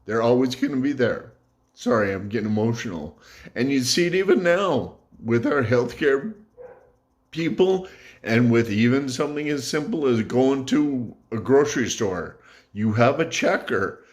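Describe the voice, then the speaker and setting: A man talking to camera in an earnest, reflective way, pausing and correcting himself as he goes. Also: mid-range voice, animated. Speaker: YouTube vlogger. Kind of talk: casual talk to camera.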